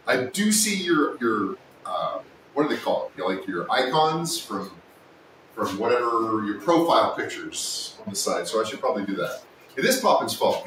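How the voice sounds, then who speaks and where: A man hosting a casual woodworking livestream, chatting and joking with his viewers, sometimes yelling, recorded in a workshop. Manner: joking, teasing, with sudden yells. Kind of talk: casual live-stream chat with viewers. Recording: echoey room, distant mic, faint rumble.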